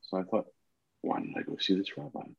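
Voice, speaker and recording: An older man appearing as a podcast guest tells a long story, animatedly acting out the dialogue as he goes. His deep voice is creaky with a breathy edge and a slightly fast pace, and the recording is slightly muffled but has no echo.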